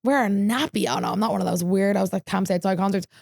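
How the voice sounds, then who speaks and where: A woman's voice: mid-range voice, fast talker, vocal fry, darkish tone, no echo. A young woman, hosting a podcast and telling a story in a chatty, filler-heavy way. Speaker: podcast host. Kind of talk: casual chat.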